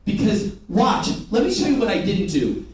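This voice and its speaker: A high-pitched man runs a sales training, his voice jumping around with animation as he commands the room to repeat after him. He is heard from a distance in a very echoey space, with faint ambience behind him. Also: big pitch swings, normal speed, a little mellow. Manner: commanding, drills the audience with call and response. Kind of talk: live sales training session.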